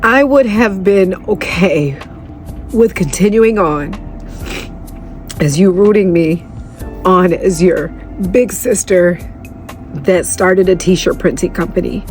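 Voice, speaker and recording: Woman, young adult, podcast host, heartfelt chatty delivery, close to tears, slightly low voice, faint music behind. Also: takes it slowly, long pauses. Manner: heartfelt, conversational, addresses listeners as y'all. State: emotional, on the edge of tears. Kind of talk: emotional personal podcast talk, then guided meditation.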